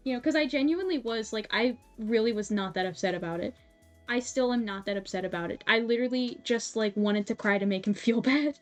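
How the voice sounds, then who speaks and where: A young woman streamer casually telling a story while sewing, animated and laughing often, with many fillers. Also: on the high side, fairly quick. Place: home streaming setup. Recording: soft music behind.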